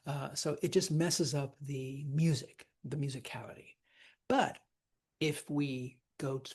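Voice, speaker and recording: A man teaching a lesson on verse scansion, talking casually, often checking in with "right?" and reading lines aloud slowly. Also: medium pitch, a little mellow, slightly rough.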